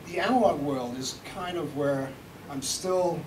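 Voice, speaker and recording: A British recording engineer gives a live seminar and demo to an audience, chatty and joking, with some light swearing. His voice is on the high side and a little slow, picked up from a distance in an echoey room with background noise.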